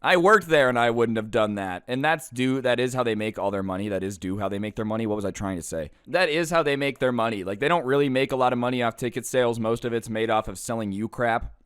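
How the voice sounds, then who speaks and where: Young male vlogger, smooth clear voice, dry close mic, animated ranting storyteller. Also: medium pitch, quick pace, hardly any pauses, dry recording. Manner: animated, ranting, acts out both sides of dialogue. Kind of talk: casual storytime rant.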